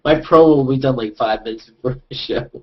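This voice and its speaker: A man hosting a casual group video chat, joking and rambling with quick asides. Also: medium pitch, slightly rough. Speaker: host and hangout organizer. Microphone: video call. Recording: dull lo-fi video call audio.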